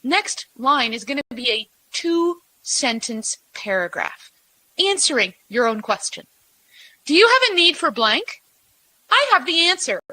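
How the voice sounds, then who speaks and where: A woman giving a blunt, emphatic workshop talk about pitching to a live audience, animated and quick to mock bad examples. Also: low-quality recording. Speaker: workshop speaker.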